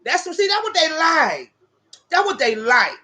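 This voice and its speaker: This livestream host, a woman, swings widely in pitch with a high, bright, forceful voice at a moderate pace. She casually tells her chat viewers stories, addressing them as "y'all" and swearing brashly.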